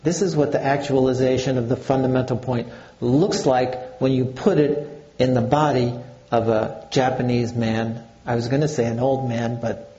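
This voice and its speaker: Older Zen teacher, dark mellow voice, unhurried and halting delivery. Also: male voice, mid-range voice, fairly even intonation, muffled recording. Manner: slow, halting, with many fillers. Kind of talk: dharma talk.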